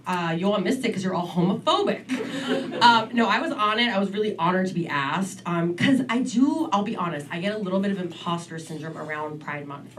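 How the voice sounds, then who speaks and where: A woman's voice: medium pitch, distant mic, background noise. A woman opening a stand-up comedy set in a club, chatty and teasing the audience.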